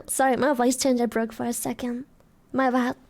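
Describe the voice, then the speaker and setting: A young adult woman streaming casually, giggly and swearing a lot as she excitedly thanks donors. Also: on the high side, normal speed. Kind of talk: casual live-stream chat.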